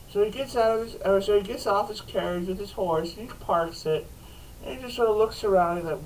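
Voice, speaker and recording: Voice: mid-range voice, a little fast, far from the mic, rough recording. A rambling storyteller spins an improvised comic yarn, circling back and restarting sentences as they go. The voice sits a little away from the mic, with a faint hiss of background noise. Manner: rambling, restarts, frequent laughter.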